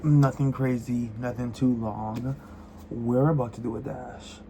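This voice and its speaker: Slow, gravelly-voiced man vlogging about books. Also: medium pitch, fairly even intonation, mellow, slight background noise. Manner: emphatic, repeats himself, laughs often, drops to whispers. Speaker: book vlogger. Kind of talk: casual reading vlog.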